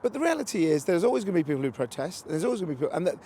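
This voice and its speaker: A man's voice: high voice, big pitch swings, rapid-fire, mellow, a little hiss or hum. A man interviewing a guest outdoors, asking questions in a chatty, conversational way. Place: outdoors near a street demonstration.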